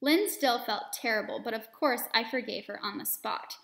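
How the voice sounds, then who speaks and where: A woman reading a children's story aloud expressively, pausing to explain words and lessons to young listeners. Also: on the high side, fairly bright tone, roomy sound.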